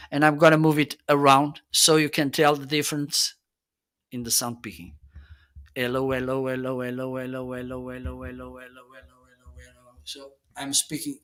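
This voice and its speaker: A man's voice: mid-range voice, fairly bright tone. Man casually demoing gear on a livestream. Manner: explanatory, often checks in with "okay". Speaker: livestream host reviewing gear. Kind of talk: casual product demonstration.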